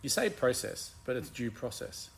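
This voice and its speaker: A man's voice: medium pitch, sing-song, moderate pace, vocal fry, a loud crowd. A man co-hosting a podcast in casual, joking banter. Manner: joking, laid-back banter. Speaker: podcast co-host. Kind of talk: casual chat.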